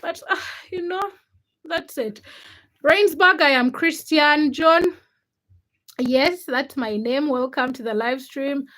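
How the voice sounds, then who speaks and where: A young woman in her twenties hosting a livestream, speaking her opinions in an outspoken, animated way and greeting viewers from the chat. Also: high voice, slow. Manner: outspoken, animated, thinks aloud with restarts. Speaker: livestream host. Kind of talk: casual livestream chat, reading viewer comments.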